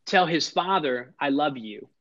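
His voice is fairly high, bright and expressive, and he takes his time. A middle-aged man guesting on a podcast, he shares personal stories earnestly and emphatically, repeating words when starting sentences and frequently starting over, on a slightly dull lo-fi recording.

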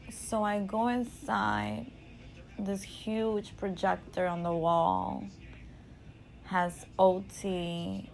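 A woman casually telling a story in an animated, profane, slangy way, often laughing. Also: mid-range voice, extremely slow, creaky, pauses often, a little hiss or hum, rough recording. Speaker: storyteller recounting a game.

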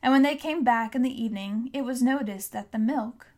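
A woman reading a classic novel aloud as audiobook narrator, telling the story steadily and clearly. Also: on the high side, brisk, darkish tone. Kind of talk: scripted narration.

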